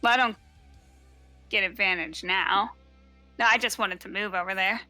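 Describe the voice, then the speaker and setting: A woman's voice: medium pitch, moderate pace, sharp tone, no echo, soft background music. A woman player talking casually, hesitant and thinking aloud. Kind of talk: casual tabletop play.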